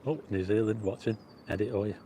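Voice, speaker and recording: Through a plug-in mic attached to a phone on a stabilizer, a livestream host rambles chattily as he walks a city park, greeting viewers and reading their chat. His voice is on the low side and mellow, with a quick pace and fairly even intonation, plus a little hiss or hum.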